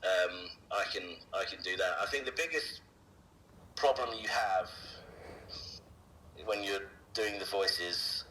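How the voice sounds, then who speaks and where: A low-pitched man answering interview questions as a voice actor. He speaks casually, stopping and restarting often, filling gaps with ums and uhs. A faint hiss runs under his voice. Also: slow, pauses often, sharp tone, poor audio. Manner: hesitant, many fillers and restarts.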